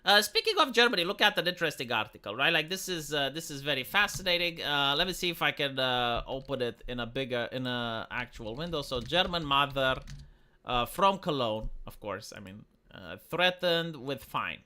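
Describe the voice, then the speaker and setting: A man's voice: medium pitch, lively intonation, brisk, bright, forceful tone. A man hosting a live stream, giving casual political commentary in a sarcastic, rambling way with lots of fillers. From Romania.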